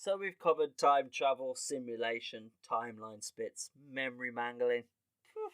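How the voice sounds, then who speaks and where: With a smooth, mid-range voice at normal speed, this man hosts a comedy podcast in a casual monologue style. He's animated, laughs a lot, and curses offhandedly, and the sound is dry and close with no echo.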